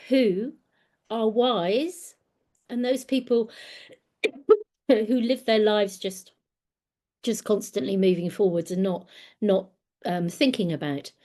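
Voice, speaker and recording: A woman's voice: medium pitch, a little mellow. A woman in her sixties giving an earnest, reflective talk on personal growth, often repeating words as she gathers her thoughts. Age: 60s.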